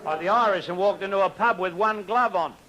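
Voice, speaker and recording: A man's voice: high-pitched, brisk, sharp tone, dull audio, a faint crowd, slight background noise. An Australian man doing live stand-up, telling jokes and laughing at his own punchlines. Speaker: stand-up comedian.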